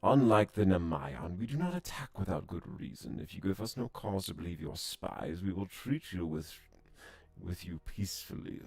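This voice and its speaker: A man voicing a proud, wary alien envoy from a space game, reading its lines in a formal, measured way. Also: low voice, animated, creaky, a little mellow, breathy edge, no echo, full character voice. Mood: stern. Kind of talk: reading game dialogue aloud.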